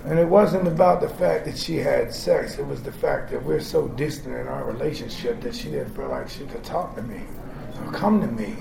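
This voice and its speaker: A man in his forties giving a raw, profane personal testimony to a group, swinging between shouting and hushed talk. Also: medium pitch, moderate pace, vocal fry. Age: 40s. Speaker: speaker sharing his story with a group. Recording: echoey room with background noise.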